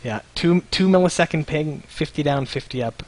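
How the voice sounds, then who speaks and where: A man's voice: on the high side, normal speed. Chill guy hosting a livestream, casual swearing, easygoing. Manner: laid-back, swears casually. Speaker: host. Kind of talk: casual live-stream chat.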